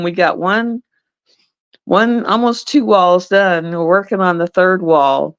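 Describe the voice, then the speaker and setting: A woman telling a casual, animated story, laughing often and repeating herself. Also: lowish voice, dry recording, dull audio. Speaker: livestream host.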